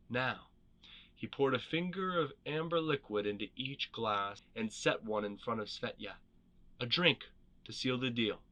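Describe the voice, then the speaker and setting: A man narrating fantasy lore as a storybook reading, measured and expressive. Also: fairly low pitch.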